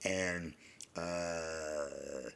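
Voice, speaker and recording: Middle-aged male storyteller, deep gravelly voice, rambling and halting, slips into whispers. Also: fairly even intonation, fairly bright tone. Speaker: podcast host. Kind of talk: personal storytelling monologue.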